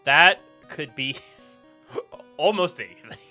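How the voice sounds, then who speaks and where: A man's voice: on the high side, takes it slowly, sharp tone, soft background music. Goofy laughing young man gaming. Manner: goofy, laughs often, rambling jokes. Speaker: gaming YouTuber. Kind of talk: casual gaming commentary.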